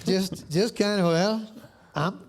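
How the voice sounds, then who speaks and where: A man's voice: sits high, slow pace. A man as a podcast guest in casual chat, talking in a joking, folksy, meandering way.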